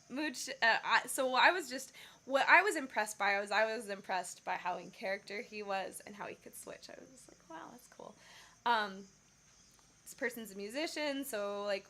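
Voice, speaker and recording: A woman's voice: fairly high pitch, bright, forceful tone. A woman singer telling a rambling story on her casual livestream, with many fillers and self-corrections. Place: Bali.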